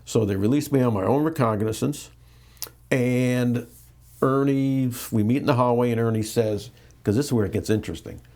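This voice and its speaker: A man's voice: medium pitch, normal speed. A middle-aged American man, an interview guest, telling a candid story with many restarts and acted-out quotes. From United States. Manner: animated, repeats and restarts, acts out quotes.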